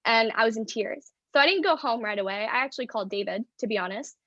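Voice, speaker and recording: Woman, 20s, from the Northeast US; podcast guest; frank storyteller, filler-heavy, slightly high voice, dull audio. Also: lively intonation, fast, a bit bright, dry recording. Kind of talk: candid storytelling in a podcast interview.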